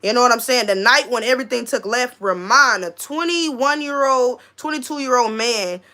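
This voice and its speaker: Bright, animated woman livestreaming. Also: fairly high pitch, normal speed. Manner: animated, slangy, laughs often. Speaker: livestream host; school staff member. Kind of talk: casual livestream chat reading comments.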